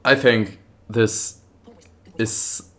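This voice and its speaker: A man's voice: on the low side, steady tone, very slow, background noise. Offhand German man, swears freely. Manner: frustrated, profane, offhand. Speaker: vlogger testing a phone AI agent. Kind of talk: casual commentary.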